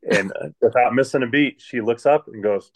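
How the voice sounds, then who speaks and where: There's slight background noise as this middle-aged Michigan man, who manages a water plant, shares work stories in a relaxed interview. His mid-range voice moves at a normal pace, wandering with many restarts.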